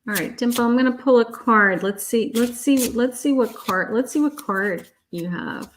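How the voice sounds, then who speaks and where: A woman's voice: on the high side, normal speed, slight background noise. A middle-aged woman reading tarot cards on a live stream, chatting with viewers and reassuring them, calling them honey and sweetheart. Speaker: psychic tarot reader hosting a live stream.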